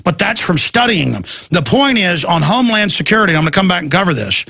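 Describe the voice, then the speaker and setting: A middle-aged man hosts a talk radio show, pushing out a rapid, impassioned rant. His voice is gravelly and husky yet bright and forceful, sitting a bit higher than most men's, and it sounds close and dry with faint music underneath. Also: very animated, no echo.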